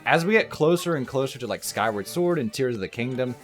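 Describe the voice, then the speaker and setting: A man co-hosting a casual let's play, animated and quick to laugh as he chats. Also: mid-range voice, soft background music. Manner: animated, laughs often, slips into playful voices. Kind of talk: casual gameplay chat.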